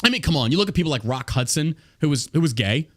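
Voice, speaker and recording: A man's voice: fairly high pitch, expressive, quick pace. A man hosting a podcast, ranting in a profane, combative way. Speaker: podcast host. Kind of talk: casual podcast rant.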